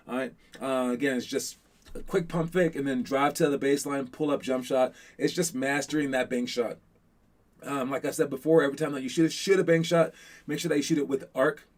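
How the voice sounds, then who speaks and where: A man coaching young basketball players in a loose, conversational way, often stopping to restart and acting out quotes. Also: mid-range voice. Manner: acts out quotes with sudden hype. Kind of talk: casual coaching talk to a youth team.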